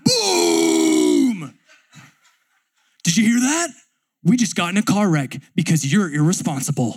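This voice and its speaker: An intense male football coach turned driving instructor barks every line at full volume, as a man puts him on in a sermon story. His voice is pushed high and sharp, the drill-sergeant yell of someone who never stops coaching. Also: racing, vocal fry, dry recording, clean studio sound. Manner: yelling, drill-sergeant bark.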